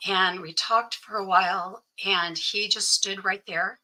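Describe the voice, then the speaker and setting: Sharp-voiced middle-aged woman telling a story. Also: mid-range voice, fairly even intonation, measured pace, low-quality recording. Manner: earnest, frequent "you know" fillers, quotes others in dialogue. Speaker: guest sharing her story. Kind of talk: personal storytelling in conversation.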